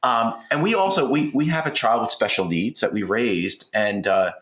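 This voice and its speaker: A man's voice: fairly low pitch, moderate pace. A man in his sixties co-hosting a podcast, talking earnestly and telling family stories. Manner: earnest, storytelling, voice lifting when excited. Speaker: podcast co-host. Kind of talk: conversational podcast talk. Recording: roomy echo.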